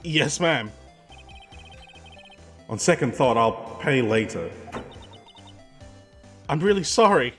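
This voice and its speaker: A man's voice: medium pitch, big pitch swings, slow pace, long pauses, a bit bright, soft background music. A man voicing a flustered young male defense lawyer who hesitates and stammers. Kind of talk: reading game dialogue aloud.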